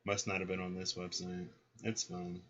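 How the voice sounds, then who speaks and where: A man's voice: deep voice, completely flat delivery, normal speed, a bit bright. A man giving a casual card reading, chatty and thinking aloud as he goes. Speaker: card reader. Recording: dull lo-fi recording.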